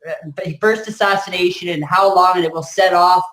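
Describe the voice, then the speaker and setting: A man's voice: high-pitched, fairly even intonation, moderate pace, fairly bright tone. A man on a web talk show who rants angrily and swears constantly, talking over the others. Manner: profane, angry, rants. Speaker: regular guest. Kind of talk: heated casual chat. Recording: echoey room.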